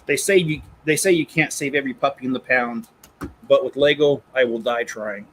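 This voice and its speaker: A man in casual live-stream chat, rambling and restarting his sentences, often chuckling as he reads. His voice sits at an ordinary middle pitch. A faint hum of room ambience sits under his desk mic. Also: moderate pace, poor audio. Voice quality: rambling, self-correcting, chuckles while reading. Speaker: Lego channel host.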